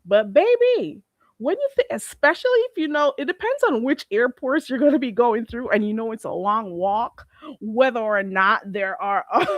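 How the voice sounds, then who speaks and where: A woman hosting a casual livestream, animated, laughing often and greeting chatters on a close mic. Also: fairly high pitch, dry recording, highs cut off. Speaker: livestream host.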